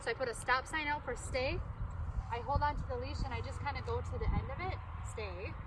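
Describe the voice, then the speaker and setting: A woman with a high voice gives upbeat commands to a young dog and explains each step as she goes. She is caught from some distance on an outdoor recording. Loud ambient noise and passing traffic sit under her voice. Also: a little fast. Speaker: dog trainer. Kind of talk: outdoor training demonstration.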